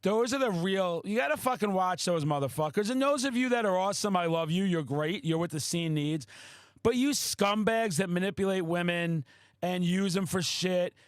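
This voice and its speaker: A man hosting a podcast, a loud, excitable storyteller who swears often in casual chat. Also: sits high, moderate pace, no room sound. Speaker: podcast host.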